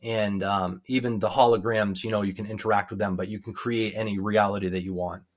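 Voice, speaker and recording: A man, a guest in an interview, telling a personal story in a sincere, halting way with many pauses and ums. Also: on the low side, steady tone. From United States. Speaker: guest recounting a near-death experience. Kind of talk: earnest personal testimony.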